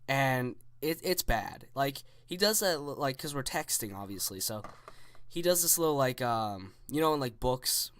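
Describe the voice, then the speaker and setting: A man's voice: mid-range voice, animated, moderate pace, fairly bright tone, a little hiss or hum. A young man in his teens casually telling a story, rambling with lots of "like" and restarts.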